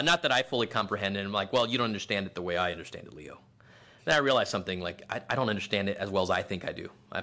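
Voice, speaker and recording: A man preaching a sermon with a bright, forward voice. He talks in a loose, conversational way. At times he climbs into loud, shouted lines as he acts out the people in the story. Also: mid-range voice.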